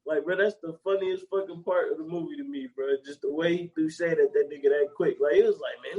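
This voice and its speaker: Riffing with a friend in podcast co-host fashion, this lively young man swears freely while retelling comedy scenes he loves, often launching into loud, squeaky impressions of the characters. For a man, his voice runs slightly high. He speaks fast with few pauses, and the sound is lo-fi.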